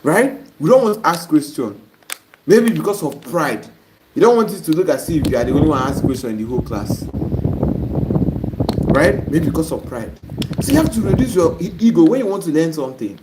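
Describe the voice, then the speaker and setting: A man's voice: a little high, sing-song, a little fast. A man with a Nigerian accent teaching a live-stream lesson, reading viewer comments and bluntly scolding wrong answers. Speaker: online course teacher. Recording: noisy live-stream audio.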